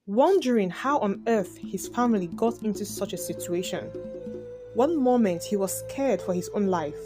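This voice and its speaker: A woman narrating a dramatic story in a steady, scripted storytelling style. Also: mid-range voice. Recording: background music.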